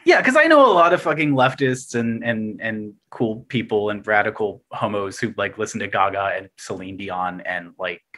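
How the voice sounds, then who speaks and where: A man chatting casually as a podcast guest, animated and profane, full of fillers and restarts, jumping between loud emphatic bursts and quiet mocking asides. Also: lowish voice, moderate pace, hardly any pauses.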